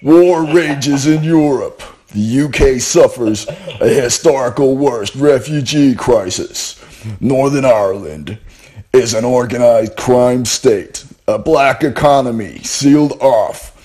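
A man doing a solemn American movie-trailer announcer, booming out each line slowly and heavily. The voice is pitched a little above his usual and pushed louder, like a big cinema promo. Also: natural voice. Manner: slow, dramatic delivery.

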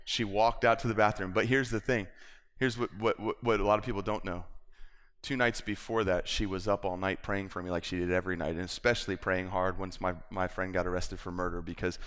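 A man preaching a personal testimony sermon, moving between hushed storytelling and fervent peaks. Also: low voice, little pitch movement, brisk. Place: church sanctuary. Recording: long hall reverb in a church.

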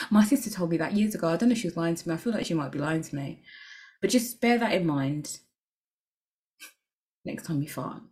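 Young woman, podcast host, lowish voice, candid, crude humor, rambling. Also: a little fast, long pauses, darkish tone. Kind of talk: casual solo podcast chat.

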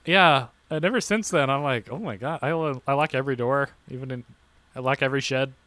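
A young man co-hosting a podcast, telling animated stories in casual chat and acting out quotes with sudden yelps. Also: mid-range voice, fairly quick, no echo. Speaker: podcast co-host.

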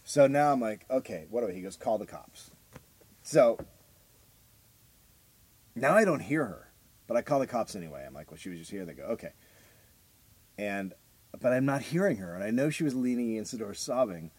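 A man co-hosting a comedy podcast, telling a long story in a deadpan way and acting out the voices of the people in it. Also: mid-range voice, normal speed, long pauses, slightly rough, no room sound. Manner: deadpan storyteller who acts out the voices of the people in his stories. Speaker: podcast co-host.

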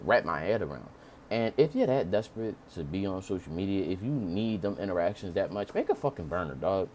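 A man ranting in casual commentary, profane and animated, jumping into mocking high-pitched impressions. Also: a little hiss or hum.

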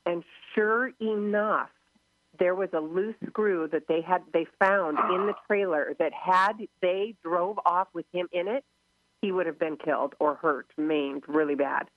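A woman's voice: fairly low pitch, unhurried, no echo. A woman hosting a radio talk show, chatting casually and gushing, often laughing and acting out quoted voices. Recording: narrow phone-line sound, dry.

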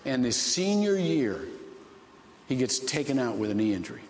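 A man's voice: medium pitch, big pitch swings, moderate pace, reverberant, in a large hall, a little hiss or hum. A man from Ohio preaching a sermon, telling a story with many restarts and rising emotional swells. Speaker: pastor.

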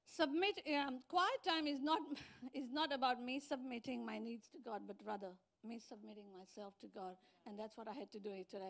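A woman pastor in middle age delivers a sermon with a notably high voice. She preaches in an animated storytelling manner, acting out the lines of the people in her stories. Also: moderate pace, creaky. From outside New Zealand. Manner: animated storytelling with acted-out quotes.

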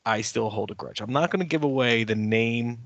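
A man co-hosting a podcast, telling a story in a casual, animated way and getting worked up as he rants. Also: mid-range voice, brisk, no echo, muffled recording. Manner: animated, ranting storyteller who grows heated. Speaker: podcast co-host and editor.

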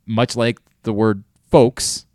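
A man's voice: fairly low pitch, steady tone, takes it slowly, a little mellow, no room sound, clean studio sound. A man hosting a sports talk show, ranting animatedly about mispronounced names with mock outrage. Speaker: sports radio host.

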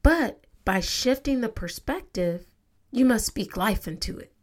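A woman's voice: on the high side, animated, unhurried. A woman hosting a motivational podcast, talking to listeners in an upbeat, conversational way. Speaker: podcast host.

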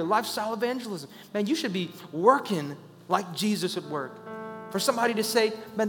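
A man preaching a sermon as a pastor, talking conversationally and rising into loud, urgent pleas. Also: high voice, long reverb tail.

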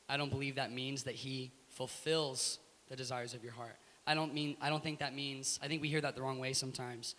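American man as interview guest; lively and emphatic, bright tone, long room reverb. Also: medium pitch, brisk, hardly any pauses. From United States. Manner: animated, emphatic, laughs through his story. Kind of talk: animated storytelling in an interview. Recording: echoey room with faint hiss.

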